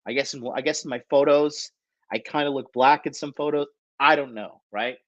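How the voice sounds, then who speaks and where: A man's voice: medium pitch, fairly even intonation, normal speed, fairly bright tone. A man from the United States hosts a podcast, telling a rambling story in a blunt, profane way and tagging his sentences with "right?". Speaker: podcast host. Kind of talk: casual storytelling.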